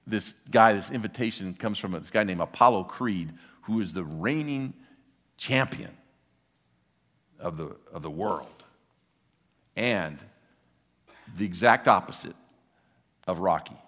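A man's voice: lowish voice, lively intonation, slow, pauses often, fairly bright tone, big-room sound. An older man preaching a sermon as a pastor, telling a story with energy and repeating words for emphasis.

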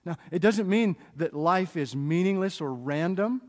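Male pastor giving a lively sermon, high voice, long hall reverb. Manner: animated, jokey storytelling, often drops soft and slow for emphasis.

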